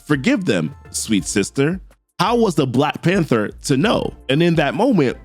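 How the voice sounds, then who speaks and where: A man casually recapping a comic book, paraphrasing characters' lines with animated asides. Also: medium pitch.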